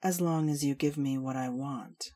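A woman reading a story, voicing a hard, stubborn woman warlord who speaks in low, menacing tones. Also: moderate pace, warm tone. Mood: cold threat.

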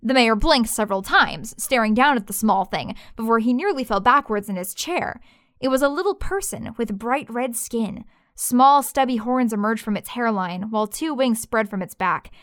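A woman narrating a fantasy story in a lively, expressive reading. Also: fairly high pitch, moderate pace, dry recording, studio quality.

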